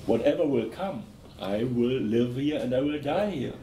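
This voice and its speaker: German-accented man, earnest, mellow voice. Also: animated. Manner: earnest and emphatic, halting with restarts. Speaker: entrepreneur in the discussion. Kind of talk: casual conversation. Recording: roomy echo with faint rumble.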